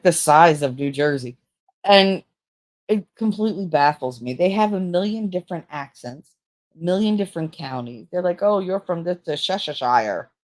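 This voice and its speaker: A woman hosting a casual livestream chat with viewers, talking in a rambling, frank and joking way. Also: deep voice. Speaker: livestream host.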